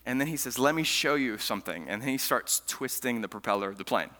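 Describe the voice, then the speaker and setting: A male pastor delivers a sermon in a bright, forceful voice. He tells stories animatedly, swinging from loud, eager bursts down to hushed asides, and his words ring out with a long reverb from a large church hall. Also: medium pitch, lively intonation, quick pace.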